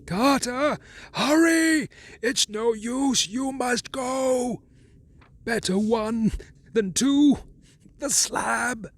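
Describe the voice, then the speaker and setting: A man voicing a terrified man trapped underground, pleading in a high, strained voice that breaks between shouts and whispers. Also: very slow, exaggerated voice.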